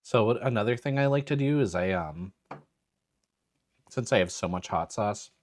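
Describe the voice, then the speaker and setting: A man's voice: lowish voice, expressive, moderate pace, no echo. A man hosting a podcast, chatting casually and laid-back, saying "dude" often. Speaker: podcast host. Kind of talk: casual chat.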